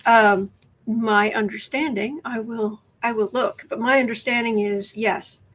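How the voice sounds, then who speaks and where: A woman's voice: on the high side, fairly even intonation, unhurried, a bit bright. Chatty woman hosting a tarot livestream. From United States. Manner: chatty, restarts and thinks aloud. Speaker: tarot reader and livestream host. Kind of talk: casual livestream chat, reading viewer questions. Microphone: webcam.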